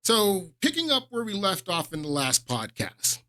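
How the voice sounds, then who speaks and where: A man's voice: high-pitched, wildly swooping pitch, normal speed, bright, forceful tone, no echo, clean studio sound. A male podcast host giving casual political commentary, rambling with many fillers and restarts and leaning hard on his points.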